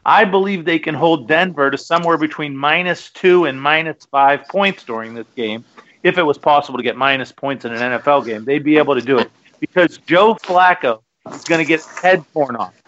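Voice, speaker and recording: Male betting guest, bright and forceful, ranting, lo-fi line. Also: fairly high pitch, brisk. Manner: emphatic, ranting, joking. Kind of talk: casual sports betting talk.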